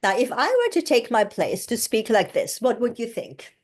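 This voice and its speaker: A woman voice coach teaching an online class, speaking slowly and encouragingly as she demonstrates breathing and tones over a video call. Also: on the high side, very animated, slightly rough.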